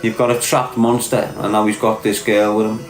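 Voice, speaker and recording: A man's voice: lowish voice, little pitch movement, brisk, soft background music. A man with a Liverpool accent ranting on a podcast, blunt and sweary, repeating his points for emphasis. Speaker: podcast commentator. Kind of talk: opinionated podcast rant. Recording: echoey room.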